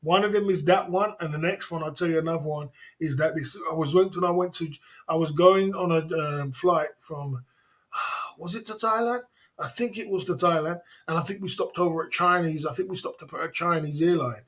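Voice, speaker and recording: A man hosting a casual livestream, telling stories in a chatty way, laughing often and giving shout-outs to viewers. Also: fairly high pitch, a little fast. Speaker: livestream host.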